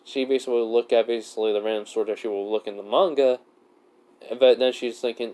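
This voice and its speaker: A man's voice: medium pitch, steady tone, fast, dark tone. A man casually telling a self-insert fan story, rambling and saying "basically" over and over. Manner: rambling, says "basically" constantly.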